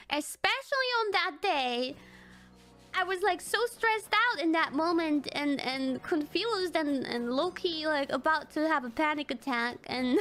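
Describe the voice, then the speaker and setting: A high-pitched woman streamer tells a personal story in a loose, rambling way. She leans on fillers, swears freely and breaks into nervous little laughs. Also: a bit bright. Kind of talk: casual storytelling on a livestream.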